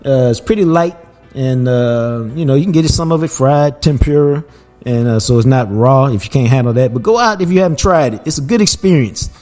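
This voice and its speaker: A man, hosting a podcast and telling a family story in a relaxed, casual way, laughing as he goes. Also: mid-range voice, a little fast, faint music behind. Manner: laid-back, laughs while telling stories. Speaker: podcast host.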